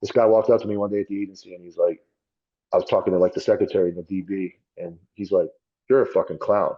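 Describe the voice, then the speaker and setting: Male ex-cop guest, deep raspy voice, candid and foul-mouthed, dull lo-fi sound. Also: flat delivery, fast talker. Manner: blunt, profane and self-critical. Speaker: podcast guest, former police officer. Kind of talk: candid conversational storytelling.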